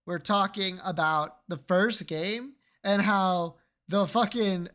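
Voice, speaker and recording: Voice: mid-range voice, steady tone, slow, fairly bright tone. A streamer chatting casually to viewers while gaming, joking around and swearing freely. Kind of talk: casual game stream chat.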